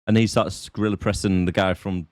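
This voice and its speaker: A man's voice: deep voice, steady tone, a little fast, a little mellow, dry recording. A man co-hosting a podcast, chatting casually with laid-back, dry remarks. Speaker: podcast co-host. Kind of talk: casual chat.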